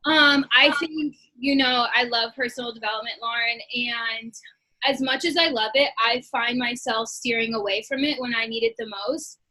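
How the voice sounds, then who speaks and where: High, bright, reflective young-sounding woman. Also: steady tone, normal speed, low-quality recording. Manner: reflective, earnest, heavy on "like". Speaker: group call participant. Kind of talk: casual chat.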